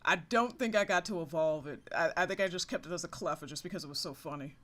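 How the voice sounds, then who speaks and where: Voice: medium pitch, quick pace, fairly bright tone. A gamer giving casual, rambling commentary over a monster-catching game, often laughing and apologizing for going off track. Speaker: let's-play gamer.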